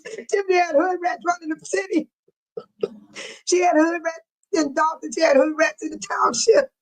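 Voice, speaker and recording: Older Chicago-area woman, livestream host, casual and chatty, quick to laugh, fairly high pitch. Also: rough recording. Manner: laughs often, animated and chatty. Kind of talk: casual livestream chat reading viewer comments.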